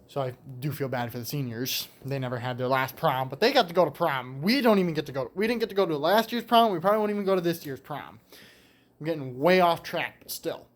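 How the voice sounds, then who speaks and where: A young man in his late teens tells a story in a casual monologue from a garage on a cold day. He rambles with restarts and casual swearing, and sounds slightly winded. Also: fairly high pitch. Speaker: vlogger telling a story.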